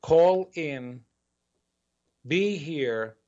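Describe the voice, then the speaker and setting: A man's voice: on the high side, animated, extremely slow, dark tone. A man hosting a spiritual talk show, speaking earnestly and repeating phrases to build emphasis in a motivational address. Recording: dull lo-fi recording.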